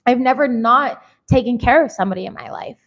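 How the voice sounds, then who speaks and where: Candid, high-voiced tarot reader woman. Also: a little fast, fairly bright tone. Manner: candid and emphatic, swears freely, calls viewers baby. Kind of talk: casual tarot reading monologue.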